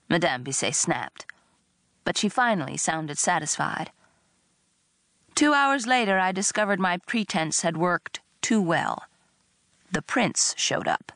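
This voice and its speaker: A woman reading a first-person story aloud in a wry, expressive narration. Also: on the low side, unhurried, no room sound, studio quality. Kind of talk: audiobook narration.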